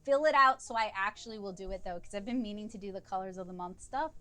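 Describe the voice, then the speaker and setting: A woman's voice: mid-range voice, fast talker, pushed and bright. A woman hosting an art livestream, chatting casually and rambling a little, with self-deprecating asides. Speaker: livestream host and artist.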